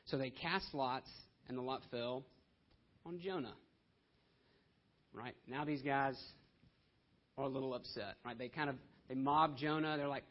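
A man's voice: mid-range voice, steady tone. Conversational preacher, man, slightly muffled. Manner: conversational, often asking "right?"; slows down to stress scripture. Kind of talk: sermon.

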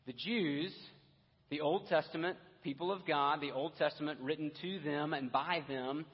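A man's voice: a little high, husky. A man preaching a sermon as pastor, earnest, with casual asides and restarts. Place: church sanctuary. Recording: dull, echoey church hall audio.

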